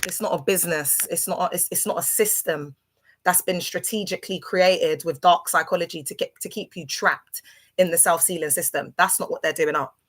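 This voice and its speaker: Speaking briskly in a fairly low, fairly bright voice, this London woman runs a livestream and wanders through a personal story. Her monologue is casual and full of fillers and restarts.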